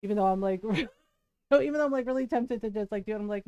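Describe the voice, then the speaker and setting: Chatty woman streamer, smooth and close. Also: fairly high pitch, fast talker, dry recording. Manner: rambling, animated storytelling with laughs. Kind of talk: casual chat to a live stream audience.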